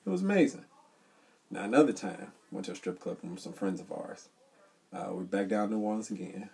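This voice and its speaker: Low gravelly joking man. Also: a little fast. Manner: animated, joking storyteller. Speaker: podcast co-host. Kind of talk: casual chat.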